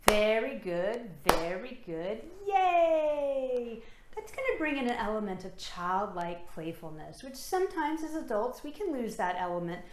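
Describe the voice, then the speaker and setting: A woman who leads laughter yoga, explaining its benefits and guiding listeners through breathing and clapping exercises in a calm, encouraging way. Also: mid-range voice, roomy sound. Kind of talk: instructional talk with guided exercises.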